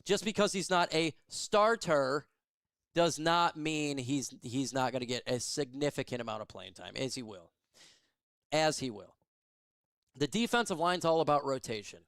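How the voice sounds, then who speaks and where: An excitable man calls a football game as a fan, his voice pitched a little high and smooth, recorded dry and close. He gets emotional and loud on big plays, then settles into chatty talk with his viewers. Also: moderate pace, no room sound. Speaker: fan play-by-play streamer. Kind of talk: live fan play-by-play and chat.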